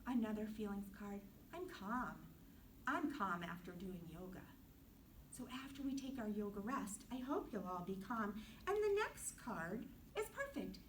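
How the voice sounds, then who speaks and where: A woman teaching a guided kids yoga class in a gentle, playful, sing-song way, softening to a hush for relaxation. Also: mid-range voice, sing-song, a little slow. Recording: distant camera mic, faint room noise.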